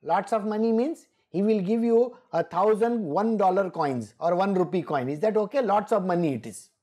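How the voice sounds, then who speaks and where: A woman's voice: medium pitch, normal speed, dark tone, husky. A woman giving a scripture exposition, emphatic and scolding, often laughing. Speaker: spiritual teacher.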